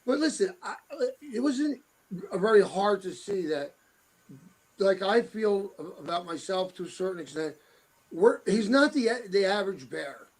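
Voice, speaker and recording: A man's voice: high-pitched, big pitch swings, a little slow, poor audio. A middle-aged man telling blunt, tough-talking stories as an interview guest. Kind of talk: casual interview talk.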